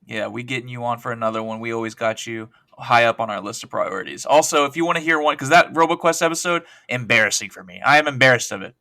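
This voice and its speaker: Bright voiced dude rambling thru funny stories, dry close mic. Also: male voice, mid-range voice, fast, creaky, hardly any pauses, no room sound. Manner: rambling, self-deprecating storyteller. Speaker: podcast guest, co-host of another show. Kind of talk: casual podcast chat.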